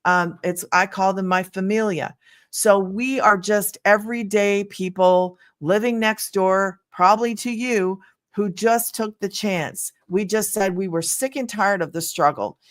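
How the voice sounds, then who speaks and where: A woman's voice: mid-range voice, measured pace, no room sound, clean studio sound. A middle-aged woman talking to camera in a casual testimonial, earnest and emphatic, rambling as she goes. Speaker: online business vlogger.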